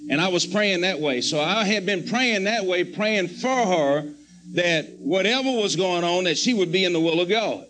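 A man's voice: sits high, expressive, moderate pace, a bit bright, rough recording. A man preaching a sermon testimony, telling his story and acting out his own prayers in a pleading, fervent voice.

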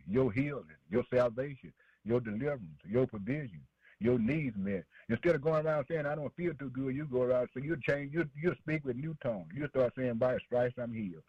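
A preacher with a husky, medium-pitched voice delivers a rhythmic, repetitive sermon, tossing "man" and "boy" between phrases in a preachy call-and-response style. The recording is dry with no room sound, like a dull lo-fi radio broadcast.

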